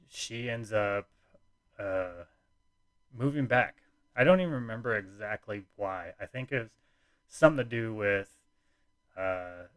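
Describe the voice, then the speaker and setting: A man's voice: lowish voice, a bit bright, no room sound. A young man hosting a podcast, telling a personal story in a rambling, laid-back way full of fillers and restarts. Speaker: podcast host.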